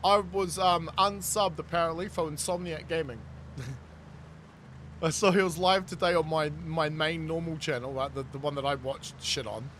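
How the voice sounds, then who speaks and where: A man's voice: fairly high pitch, fairly even intonation, moderate pace, a bit bright, a little hiss or hum. A man, chatting casually with his live-stream viewers as he plays, reading chat aloud and laughing often. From New Zealand. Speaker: game streamer.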